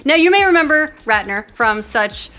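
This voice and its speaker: Bright, teasing woman hosting news. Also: high-pitched, big pitch swings, normal speed, faint music behind. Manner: dry and teasing while reading news. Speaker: news host. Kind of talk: jokey entertainment news.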